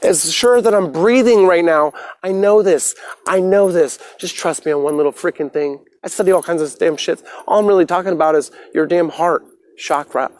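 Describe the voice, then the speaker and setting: A man talking casually into his phone on a livestream, preaching about the mind and meditation with lots of swearing, swinging from soft musing to loud ranting. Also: sits high, normal speed, dry recording. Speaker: motivational livestreamer. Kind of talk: casual rambling livestream rant.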